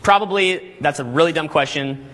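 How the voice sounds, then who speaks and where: A man's voice: on the high side, moderate pace, crowd noise. A man coaching a live seminar audience, talking energetically and quizzing the room. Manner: animated, energetic, audience questions.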